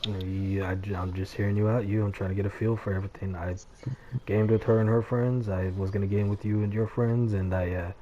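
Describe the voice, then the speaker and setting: Hesitant deep-voiced man, muffled voice chat. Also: flat delivery, a little fast, slight background noise. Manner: hesitant, mediating, many fillers. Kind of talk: casual voice chat.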